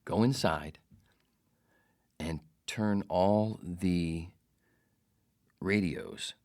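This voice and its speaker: Low-voiced profane podcast host. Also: male voice, very slow, a little mellow. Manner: profane, rambling, jokey. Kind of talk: casual storytelling monologue.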